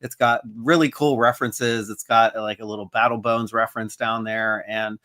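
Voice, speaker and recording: A man's voice: on the low side, level tone, normal speed, bright, forceful tone. A man co-hosting a casual chat, upbeat and easygoing, with frequent fillers. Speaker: co-host of toy show.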